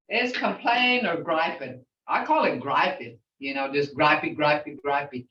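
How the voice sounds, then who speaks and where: Older female language teacher, slow and patient, sounds out syllables; distant, echoey, muffled recording. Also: sits low, pushed and bright. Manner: sounds words out syllable by syllable, chatty asides. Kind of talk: language class instruction.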